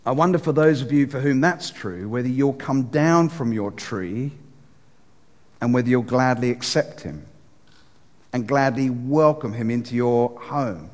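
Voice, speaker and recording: A man's voice: medium pitch, a little slow, darkish tone. A man preaching an earnest sermon, telling a story and acting out the voices in it. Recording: long hall reverb.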